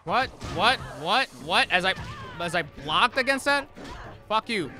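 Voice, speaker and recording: A man streaming a fighting game live, swearing and shouting in frustration as he plays. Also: high-pitched, expressive, a little slow, music in the background. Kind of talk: live gameplay commentary.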